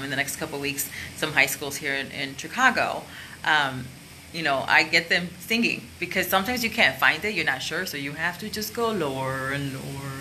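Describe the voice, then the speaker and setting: A woman's voice: low-pitched, sharp tone, a little hiss or hum, low-quality recording. A woman coach giving a casual, chatty lesson to camera and showing the points with her own voice. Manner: open, chatty, demonstrates with her voice. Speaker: career and sales coach.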